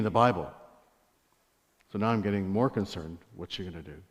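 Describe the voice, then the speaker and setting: A man's voice: fairly low pitch, lively intonation, moderate pace, long pauses. Man preaching a testimony in a reverberant church. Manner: storytelling, conversational with asides to the congregation. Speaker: guest preacher. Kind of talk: sermon testimony. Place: church sanctuary. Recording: long church hall reverb.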